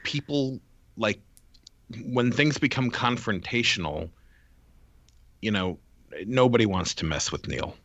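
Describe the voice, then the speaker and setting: A man's voice: mid-range voice, measured pace, long pauses, a bit bright, no room sound, lo-fi sound. A man co-hosting a podcast, chatting casually and rambling through his stories with restarts. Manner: rambling, many restarts and fillers. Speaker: podcast co-host. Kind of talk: casual chat.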